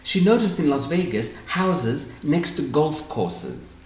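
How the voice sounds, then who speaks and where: Speaking slowly in a slightly high voice, a man answers questions through stories, animatedly voicing the quoted dialogue of others. The talk was recorded in an echoey room.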